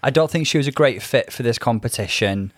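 A man's voice: medium pitch, animated, fairly quick, dry recording. A man with an ordinary mid-range voice chats as a podcast co-host, leaning on fillers and sounding a little tipsy from wine. His voice is recorded dry and close. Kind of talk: casual chat.

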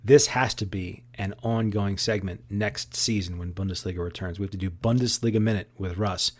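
A man's voice: low-pitched, fairly even intonation, normal speed, darkish tone. Wry, articulate man co-hosting a podcast. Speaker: podcast co-host. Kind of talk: casual soccer podcast chat.

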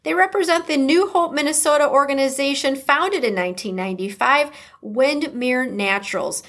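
Speaking a little fast in a high, somewhat bright voice, a woman with an American Midwestern accent opens her podcast. The upbeat, talkative host reads the intro and a sponsor message, sprinkling in playful remarks.

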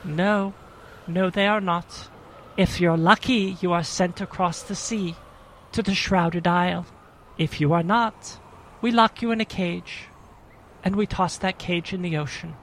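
A self-righteous prison guard who stammers through lectures and threats, as a man puts him on for a tabletop game. His voice sits high with a gravelly fry underneath, and faint noise hums behind it. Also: fairly even intonation, unhurried, fairly bright tone, rough recording. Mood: threatening. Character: pompous stammering male prison guard, middle-aged. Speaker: game master. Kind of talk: in-character tabletop role-play.

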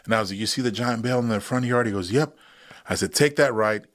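A man in his thirties, a veteran guest on a podcast, telling a long story in a casual, animated way and acting out what others said. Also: mid-range voice, fast talker. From United States. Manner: animated retelling, acts out quoted voices.

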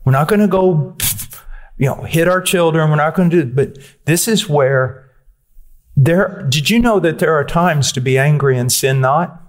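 Blunt, forceful male preacher. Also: fairly high pitch, normal speed. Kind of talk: sermon.

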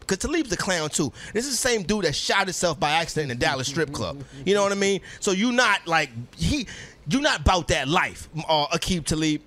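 Animated high-voiced man, slangy sports talk. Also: fairly quick.

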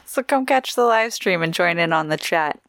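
A woman co-hosting a podcast in casual chat, giggly and chatty, reading out shout-outs and promos. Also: fairly low pitch, expressive, normal speed, dry recording, clean studio sound. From Oregon, USA. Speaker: podcast co-host.

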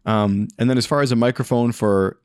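A man's voice: medium pitch, fairly even intonation, fairly quick, clean tone, no echo. A man hosting a podcast, giving casual, rambling advice with many fillers and restarts into a studio microphone. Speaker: podcast host answering a listener question.

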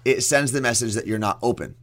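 A young man co-hosts a radio show in easy, joking banter, talking quickly. His voice sits at an ordinary middle pitch for a man. The sound is dry and close, with no room around it. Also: fairly bright tone, no room sound.

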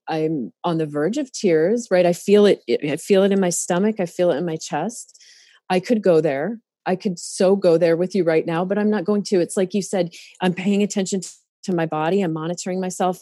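A woman's voice: fairly low pitch, warm tone, no room sound, clean studio sound. A middle-aged woman therapist in a casual podcast talk, speaking openly and emotionally, with many fillers and restarts.

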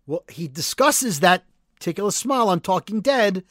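High-voiced man retelling a show scene. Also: moderate pace, no room sound, studio quality. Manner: animated storyteller, acts out quotes. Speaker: podcast co-host. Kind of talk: casual recap chat.

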